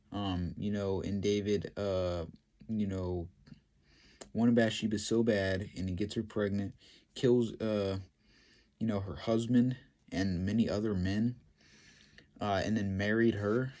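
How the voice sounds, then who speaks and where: A man retelling a Bible story and commenting on it, in a halting, filler-heavy way. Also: on the low side, fairly even intonation, warm tone. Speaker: Bible teacher.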